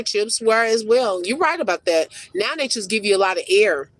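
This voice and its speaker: A woman's voice: a little high, lively intonation, measured pace, a bit bright, low-quality recording. A woman hosting a casual livestream from a parked car, chatting, laughing often and turning to preacher-like encouragement. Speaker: livestream host. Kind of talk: casual live chat with encouragement.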